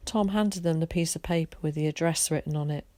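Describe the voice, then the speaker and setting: Low-voiced woman reading a story aloud. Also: brisk, mellow, dry recording. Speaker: teacher.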